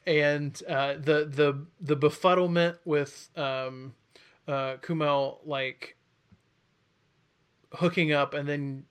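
Male podcast host, higher pitch, loose and rambling, heavy on fillers. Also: steady tone, takes it slowly, fairly bright tone, clear, resonant tone. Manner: rambling, hesitant, full of fillers. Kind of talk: casual chat.

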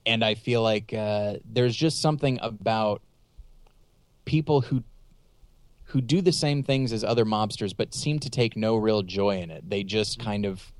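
A man with a fairly low voice talks casually about films, doubling back and correcting himself as he goes. He slips in joking asides. The sound is close and dry. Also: no echo. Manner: rambling, self-correcting, jokey asides. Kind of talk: casual film chat.

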